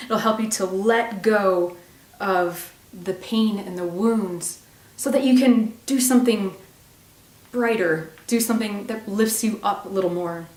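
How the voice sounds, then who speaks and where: A woman hosting a self-help video, talking warmly and encouragingly straight to the viewer. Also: mid-range voice, echoey room, recorded from a distance. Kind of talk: gentle spoken self-help talk.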